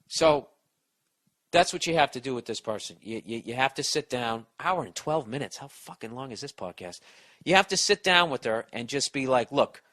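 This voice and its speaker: A man's voice: mid-range voice, fairly bright tone. A middle-aged man hosting a podcast, ranting and giving advice in a profane, exasperated, sarcastic way. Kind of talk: ranting comedic podcast monologue.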